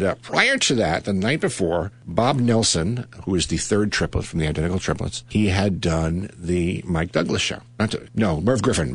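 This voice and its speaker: An older man with a very low, deep voice, hosting a comedy radio hour close on a studio mic. He rambles through stories loosely, laughing as he goes. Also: breathy edge. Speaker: comedy radio show host. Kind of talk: casual comic storytelling on radio. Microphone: studio microphone.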